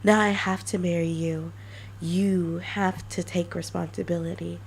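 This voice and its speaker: A woman's voice: on the low side, level tone, a little slow, vocal fry, husky, exaggerated voice. A woman voicing a clingy young lizard girl in a monster-girl role-play. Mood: insistent. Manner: pleading, then demanding.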